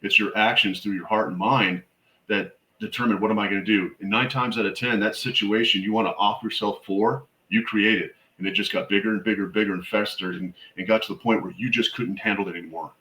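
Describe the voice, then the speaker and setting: A man's voice: lowish voice, fairly even intonation, a little fast, sharp tone, roomy sound, low-quality recording. A middle-aged man, a military veteran and suicide prevention educator, telling stories in a blunt, emphatic way as an interview guest. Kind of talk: conversational podcast interview.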